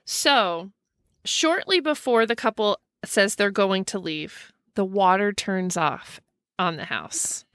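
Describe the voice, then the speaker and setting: A woman casually telling a ghost story as a podcast co-host, animated and acting out the people she quotes. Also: takes it slowly, smooth, no room sound, studio quality. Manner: animated, acts out quoted people with pitch swings.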